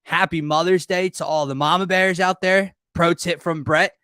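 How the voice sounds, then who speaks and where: A man co-hosting a live sports talk show, upbeat, hyping the big game with drawn-out emphasis. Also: high voice, fairly even intonation, pushed and bright, smooth, no room sound, studio quality. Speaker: co-host of a sports podcast.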